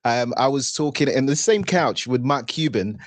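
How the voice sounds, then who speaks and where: A man's voice: medium pitch, expressive, normal speed, no room sound. A man hosting a live stream interview, affirming and eager, telling his own business story. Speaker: host.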